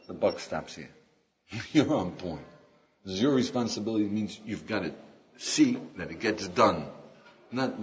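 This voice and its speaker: An older man, a rabbi, gives an informal class in a low, unhurried voice with a little hiss or hum behind it. He is animated, putting questions to his students and acting out quotes. The lecture recording is dull and lo-fi.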